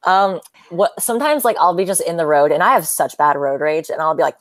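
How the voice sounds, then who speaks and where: A woman's voice: low-pitched, brisk, few pauses, no room sound. A young woman hosting a casual livestream chat, talking animatedly, laughing a lot and filling her speech with "like". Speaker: host.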